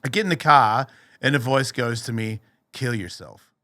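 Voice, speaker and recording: A man's voice: medium pitch, normal speed, no echo, clean studio sound. A middle-aged man, a podcast guest, telling a personal story candidly, swearing freely and acting out the voices in it. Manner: profane, animated storyteller who acts out voices.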